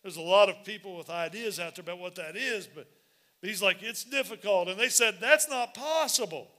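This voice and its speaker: A man preaching a sermon as pastor, animated and repetitive, building up to shouts. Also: high-pitched, normal speed.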